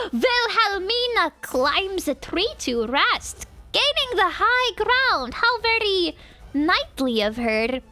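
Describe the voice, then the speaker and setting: A woman's voice: very high voice, big pitch swings, slow, bright, forceful tone, soft background music. A young woman streamer giving playful, giggly commentary on a game, full of exclamations.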